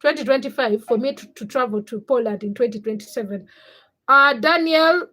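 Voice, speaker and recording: Young woman livestream host from Africa, slightly high voice, easygoing and chatty with her viewers. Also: normal speed, pushed and bright, poor audio. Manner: chatty, greets viewers by name. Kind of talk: casual livestream chat reading comments.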